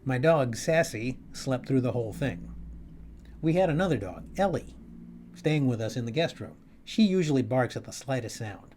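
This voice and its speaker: A male comedian telling a wry story at home in a halting, restarting way. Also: mid-range voice, animated, a little mellow, slight background noise. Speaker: comedian and host. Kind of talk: storytelling monologue. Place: his home, upstairs.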